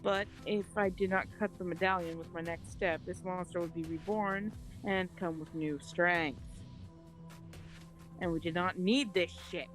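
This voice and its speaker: A woman hosting a let's play, reading a dark visual novel aloud in a melodramatic but deadpan voice. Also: lowish voice, unhurried, soft background music, low-quality recording.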